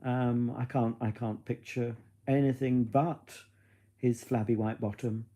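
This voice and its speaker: Casual male streamer, mellow voice, gossipy and teasing, talking straight to his viewers. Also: medium pitch, fairly even intonation, measured pace. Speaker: livestream host. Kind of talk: casual live-stream chat.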